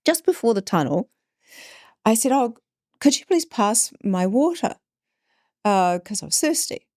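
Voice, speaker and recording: A woman's voice: fairly high pitch, a little slow, no echo, clean studio sound. A woman, a podcast guest telling a story in conversation and acting out the people she quotes. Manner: animated, acts out quoted voices.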